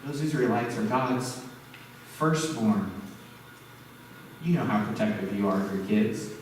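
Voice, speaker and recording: On the low side and measured in pace, this man's voice carries a little hiss or hum. A pastor gives a sermon in an echoey church sanctuary, talking conversationally and asking his congregation questions, recorded through a distant microphone.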